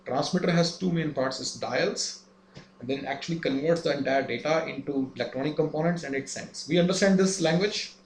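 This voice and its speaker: A man's voice: on the high side, a little fast, slight background noise. A man giving a lesson, explaining step by step and asking rhetorical questions. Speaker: instructor. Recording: echoey room, faint ambience.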